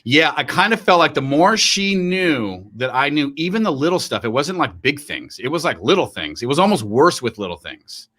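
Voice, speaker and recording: A man's voice: a little high, very animated, moderate pace, hardly any pauses, bright, forceful tone. A middle-aged man co-hosting a casual live stream, talking in a rambling way with many restarts and acted-out quotes. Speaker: co-host.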